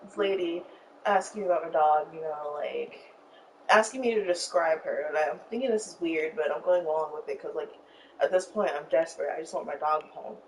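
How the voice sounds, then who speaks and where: Young woman streamer, low voice, rambling casual storyteller, recorded from a distance with faint background noise. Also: brisk. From Arizona. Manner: rambling, many fillers, emotional retelling. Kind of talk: casual storytelling while gaming.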